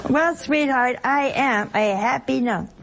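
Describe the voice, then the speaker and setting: Older woman, nun and TV host; unhurried, lively spiritual teaching with an easy chuckle. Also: medium pitch, background noise. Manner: folksy and playful, chuckling often between points. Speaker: nun hosting a call-in television program. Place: television studio.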